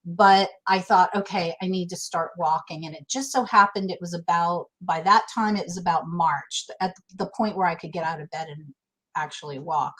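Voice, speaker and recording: A woman's voice: fairly low pitch, fairly even intonation, moderate pace, a bit bright, rough recording. A middle-aged woman speaking candidly and emotionally as an interview guest, restarting her sentences often. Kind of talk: casual interview chat.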